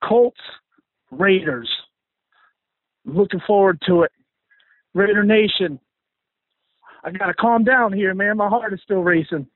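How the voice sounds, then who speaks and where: A male caller to a sports show speaks in a high-sitting voice, unhurried and pausing often, over a tinny phone line that sounds dry. Fired up and slangy, he rambles through his thoughts like an excited fan.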